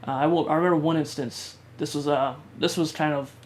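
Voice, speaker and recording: A man vlogger telling a personal story in a halting way, with many fillers and restarts. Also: on the high side, steady tone, slight background noise.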